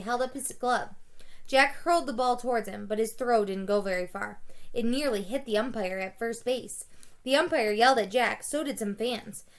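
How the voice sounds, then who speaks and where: A woman with a slightly high voice, reading a children's chapter book aloud for her students. She tells the story in a plain, steady way and now and then goes back to fix a stumbled word. Her voice rises and grows livelier when she reads out the characters' shouts.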